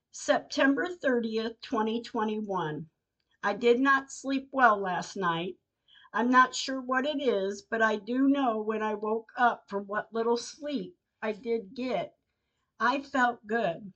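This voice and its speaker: Older woman host reading her own diary, very slow and earnest, on a dull lo-fi recording. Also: fairly high pitch, fairly bright tone. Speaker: podcast host. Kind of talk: reading personal diary entries aloud.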